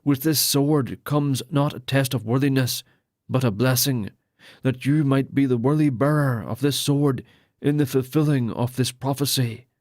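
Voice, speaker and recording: A man's voice: mid-range voice, steady tone, moderate pace, a little mellow, dry recording, studio quality, natural voice. A man voicing a solemn male lord who speaks formally while ordaining priests. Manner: formal ceremonial speech.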